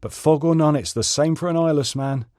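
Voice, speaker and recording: A man voicing a hard, lonely old blind beggar who wheedles and then grows quietly sure of himself. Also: fairly high pitch, fairly quick, no room sound, clean studio sound, voice pushed up, close to an everyday voice. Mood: wheedling.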